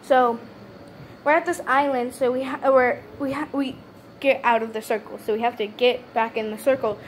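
A young woman with a high voice tells a story to the camera in loose, casual chat. She stutters and restarts often, filling gaps with "um" and "like". A faint hiss of room noise sits behind her. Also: fairly even intonation, normal speed. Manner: stutters, many fillers and restarts. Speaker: vlogger.

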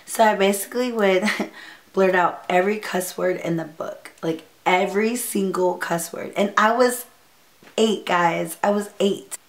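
A woman's voice: mid-range voice, a little slow. A young woman vlogger telling a personal story in a casual, rambling way, full of fillers and nervous laughs. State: near tears at times.

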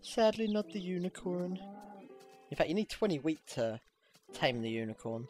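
A gamer giving casual, excitable gameplay commentary, swearing freely and squealing when things go well. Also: medium pitch, moderate pace, soft background music. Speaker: let's play gamer.

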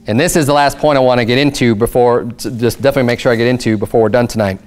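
A man pastor preaching a sermon, reading scripture slowly and explaining it in casual asides, with rhetorical questions that jump up in pitch. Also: steady tone, darkish tone. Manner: rises sharply in pitch for emphatic rhetorical questions.

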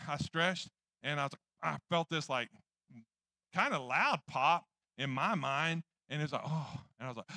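A man preaching with a bright, forceful edge and a somewhat high voice. He tells stories animatedly and acts out the lines of the people in them. The sound is close and dry, with no room echo. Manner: animated, jokey storyteller acting out his own past lines. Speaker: pastor. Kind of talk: sermon with personal storytelling.

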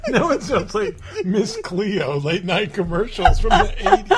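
A joking man co-hosting a podcast in casual chat, laughing between lines. His voice moves a lot in pitch. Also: wildly swooping pitch, measured pace, crowd noise. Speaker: podcast co-host.

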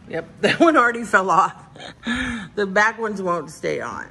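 A woman vlogging in a casual, playful way, her voice swinging freely up and down as she chats and coos to her dogs. She talks at an unhurried pace with a faint hiss of noise behind her. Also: mid-range voice, animated, a bit bright. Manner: playful, sing-song, chatting to her dogs. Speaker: vlog host. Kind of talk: casual unboxing vlog.

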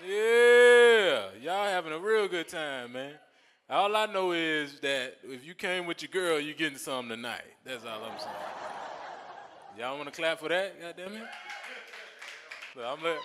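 A male host emceeing a comedy show on stage, shouting to the crowd and laughing as he talks. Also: on the high side, expressive, unhurried. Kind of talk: stand-up emceeing. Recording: reverberant club with faint crowd noise.

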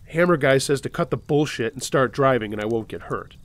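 A man hosting and reading submitted true scary stories aloud, steady, with dry sarcastic asides. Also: mid-range voice, brisk. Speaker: host and narrator.

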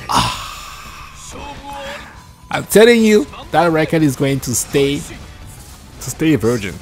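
A man giving live commentary on his own match, excitable and jumpy, talking to himself as he plays. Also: medium pitch. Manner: excitable, jumpy, talks to himself while playing. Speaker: gameplay streamer.

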